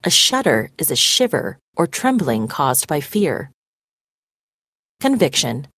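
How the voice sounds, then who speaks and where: A woman reading a story aloud expressively and pausing to define vocabulary words. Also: low-pitched, husky, no room sound, clean studio sound. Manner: animated, dramatic storytelling. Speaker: reader.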